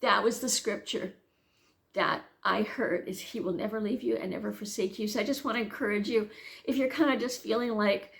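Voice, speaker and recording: A middle-aged woman teaching the Bible, telling a personal story as a lively storyteller who acts out her own thoughts, then turning it into earnest, gentle encouragement. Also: mid-range voice, brisk, gravelly.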